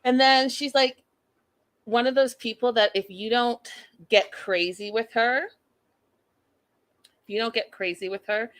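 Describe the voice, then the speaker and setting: A woman hosting a casual reality TV recap, talking in an animated, exasperated, gossipy way. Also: fairly high pitch, unhurried, long pauses. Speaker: host.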